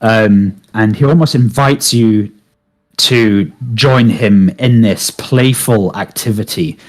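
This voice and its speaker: A man narrating as game master of a tabletop game, relaxed and hesitant with many fillers. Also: lowish voice, takes it slowly.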